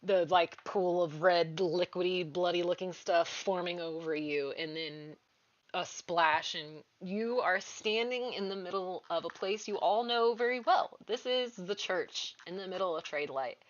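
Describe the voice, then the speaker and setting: A woman's voice: on the low side, a little slow, lo-fi sound. A woman game master narrating a tabletop game in a hesitant, casual way with frequent ums. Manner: hesitant, many ums, giggly asides.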